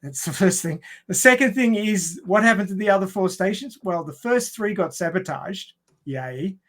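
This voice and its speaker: A man's voice: sits high, animated, normal speed, fairly bright tone. An Australian man co-hosting a podcast in casual chat, reading a plot summary with lots of fillers and restarts. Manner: chatty, lots of fillers and restarts, laughs often.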